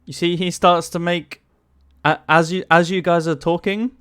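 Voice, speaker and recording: A man's voice: high voice, little pitch movement, moderate pace, a bit bright, clean tone. A man narrating a tabletop game as game master, casual, laughing often and swearing.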